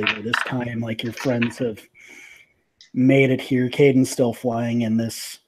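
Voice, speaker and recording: A man's voice: mid-range voice, steady tone, normal speed, noisy background. A man narrating as game master of a tabletop game, casual and hesitant with many fillers.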